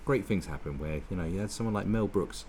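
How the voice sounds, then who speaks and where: A man's voice: low-pitched, fast talker, a little mellow, a little hiss or hum. A man giving a sweary, sarcastic, rambling political rant with many restarts. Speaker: political commentator. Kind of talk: ranting monologue.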